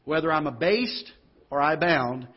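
A man's voice: on the high side, animated, moderate pace, breathy edge. A middle-aged male pastor, preaching a sermon in a folksy storytelling way, often restarting his phrases. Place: church auditorium. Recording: dull lo-fi church broadcast.

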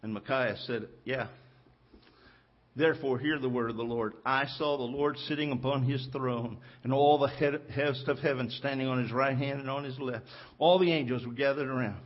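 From the pulpit of a church sanctuary, a pastor preaches a sermon and retells a story, giving its characters their own voices. He speaks at medium pitch with a steady tone and moderate pace, and the sound is lo-fi.

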